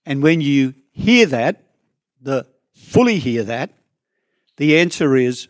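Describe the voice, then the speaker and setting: A man's voice: mid-range voice, big pitch swings, takes it slowly, pauses often, no room sound, clean studio sound. A man preaching a sermon to a church congregation, talking conversationally with asides to people in the room. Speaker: pastor.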